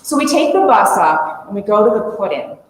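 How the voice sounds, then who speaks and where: A woman in her forties telling a lively story to a conference audience, laughing as she goes. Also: mid-range voice, fairly quick. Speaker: conference speaker. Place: conference room. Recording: echoey conference room, faint hum.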